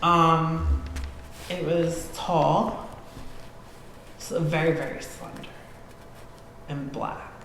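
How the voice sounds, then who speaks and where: A woman guest on a podcast telling a story casually, animated and swearing freely as she acts out scenes. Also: low-pitched, extremely slow, long pauses. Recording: echoey hall-like room with faint noise.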